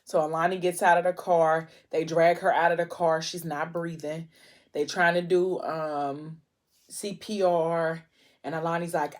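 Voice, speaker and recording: Low-voiced woman chatting about a book. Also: flat delivery, normal speed. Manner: chatty, emotional retelling with many fillers. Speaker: book vlogger. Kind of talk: casual book recap while eating.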